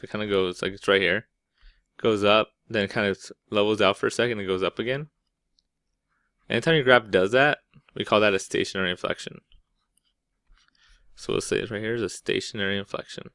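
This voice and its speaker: Explaining calculus at the whiteboard, a male teacher speaks casually with a fairly low pitch and fairly bright tone, often checking in with "right?" and breaking off words to restart. It's a dry recording with clean studio sound.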